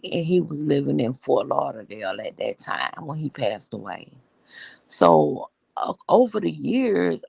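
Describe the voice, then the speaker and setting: Gravelly, husky woman chatting slowly. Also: sits low, dry recording. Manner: blunt, profane storytelling. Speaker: live-stream host chatting with viewers. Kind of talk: casual live-stream chat.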